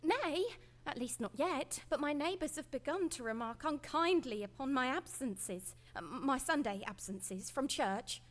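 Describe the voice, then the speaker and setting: A worried Catholic woman in a period game, her speech formal and old-fashioned. Her voice sits high. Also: lively intonation, measured pace. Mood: anxious.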